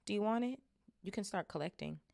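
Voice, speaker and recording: A woman's voice: mid-range voice, expressive, fairly quick, vocal fry, darkish tone, no echo, studio quality, voice pushed up. A woman reading aloud and voicing a curious, eager young boy wizard with a raised, wondering voice.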